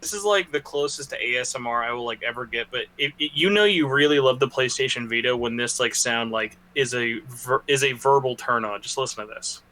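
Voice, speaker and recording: A man appears as a podcast guest and rambles along in casual chat, full of fillers and jokes. His voice sits at a middle pitch with a bright, forward edge. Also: brisk, few pauses. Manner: rambling, filler-heavy, joking.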